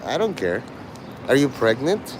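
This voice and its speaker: A man's voice: mid-range voice, big pitch swings, a little slow, noisy background. A man livestreaming outdoors in a city, rambling and joking and laughing at his own jokes. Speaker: live streamer. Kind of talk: casual rambling livestream chat.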